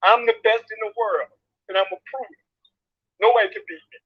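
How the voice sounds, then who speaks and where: A man's voice: sits high, fairly quick, breathy edge, dry recording. A man in his fifties giving an emotional, boastful interview as a guest over a call. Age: 50s. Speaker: guest, returning boxer. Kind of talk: casual interview talk. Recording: dull lo-fi call audio.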